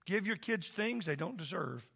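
A man who is a pastor preaching a sermon in a church, impassioned and loud at first, then soft and pleading. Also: high-pitched, expressive, normal speed, vocal fry, slightly rough. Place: church sanctuary.

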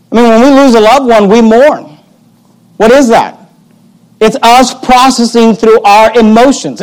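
A man's voice: very high-pitched, low-quality recording. A man, a pastor, preaching a sermon in earnest, asking the listeners questions and reading scripture aloud.

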